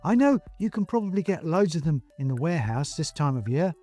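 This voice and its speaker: Narrator as polite young packer, patient and reasoning, lively tone. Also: male voice, on the high side, normal speed, soft background music, voice pushed up.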